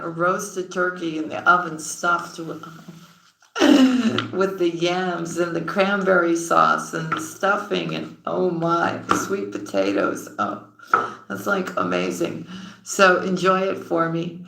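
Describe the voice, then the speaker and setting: A woman's voice: fairly low pitch, animated, slow, creaky, sharp tone, reverberant, slight background noise, low-quality recording. A woman giving a tarot reading, chatty and affectionate, calling her viewers sweetheart and honey. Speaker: tarot reader. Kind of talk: tarot reading and livestream shout-outs.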